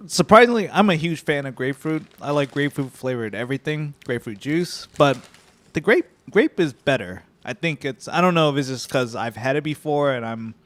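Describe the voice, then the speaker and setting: A man's voice: a little high, animated, brisk. A man co-hosting a podcast in casual chat, laughing often. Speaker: podcast co-host.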